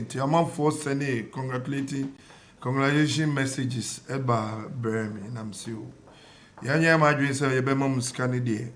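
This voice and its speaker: A man's voice: mid-range voice, steady tone, moderate pace, a bit bright. Ghanaian man reading out betting picks. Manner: reads fixtures and predictions list by list. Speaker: sports panellist. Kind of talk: reading betting tips on radio.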